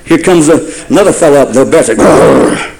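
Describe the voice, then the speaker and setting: A man's voice: on the high side, lively intonation, quick pace, a little mellow, low-quality recording. A man preaching a sermon in a folksy storytelling way, building to fervent repeated phrases.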